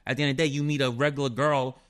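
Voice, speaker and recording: A middle-aged man with a New York accent, telling stories as an interview guest, animated and swearing often. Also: mid-range voice, rapid-fire. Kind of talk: casual storytelling.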